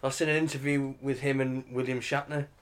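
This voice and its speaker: A man's voice: medium pitch, little pitch movement, a little fast, a little hiss or hum. A man co-hosting a podcast in casual chat, dry and chatty with frequent laughs. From England. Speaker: podcast co-host.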